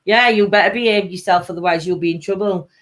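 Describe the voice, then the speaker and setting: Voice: mid-range voice, quick pace. Chatty Sheffield-accented live-stream host. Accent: Sheffield, Yorkshire. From England. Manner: chatty, warm, laughs often, trails off mid-sentence. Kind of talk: casual live chat reading viewer comments.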